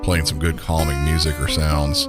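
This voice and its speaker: A very deep-voiced man with a Southern accent signs off his podcast in a folksy, easygoing way. Loud music plays under his voice the whole time. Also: flat delivery, normal speed. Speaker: podcast host. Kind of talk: podcast sign-off.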